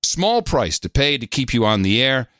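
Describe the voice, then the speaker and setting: A man hosting, halting, dry close sound. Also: medium pitch, big pitch swings, fairly bright tone, dry recording. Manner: halting, many filler pauses. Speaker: podcast host. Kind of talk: casual chat, reading listener donations.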